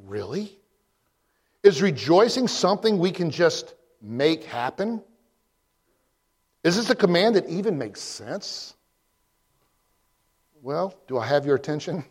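A man preaching a sermon as pastor, posing emphatic rhetorical questions with frequent pauses. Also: medium pitch, darkish tone, slightly rough. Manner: slow, deliberate delivery with frequent pauses.

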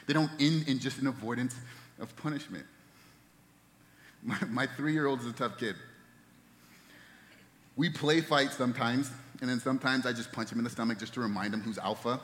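A man in his thirties preaches a sermon to his congregation, his mid-pitched voice ringing out with a long church-hall reverb. He tells stories and lets his voice fall soft and hushed at the tender moments. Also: moderate pace, pauses often. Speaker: pastor. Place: church sanctuary.

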